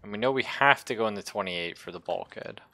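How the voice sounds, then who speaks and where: South African man with a bright tone. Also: lowish voice, fast, a little hiss or hum. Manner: laid-back, joking, calling out moves to teammates. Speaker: gamer. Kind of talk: casual chat while playing a co-op game.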